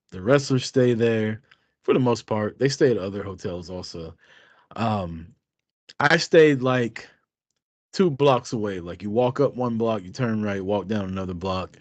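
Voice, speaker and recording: A man's voice: fairly low pitch, a little mellow, no echo. A man co-hosting a podcast, telling a rambling, profane story in casual chat. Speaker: podcast co-host.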